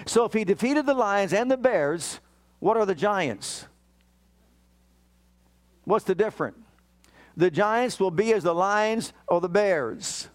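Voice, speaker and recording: Middle-aged male pastor, high voice, emphatic sermon delivery with scripture readings and anecdotes. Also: animated, takes it slowly, long pauses. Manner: emphatic preaching, reads scripture aloud, tells family anecdotes.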